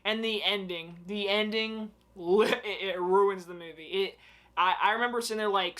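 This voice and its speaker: A young man giving a casual, animated movie-review rant, exclaiming often and swearing freely. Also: high voice, normal speed.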